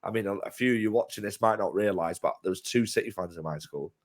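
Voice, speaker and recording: A man chatting passionately as co-presenter, getting loud and emphatic. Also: lowish voice, fast talker. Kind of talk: casual chat.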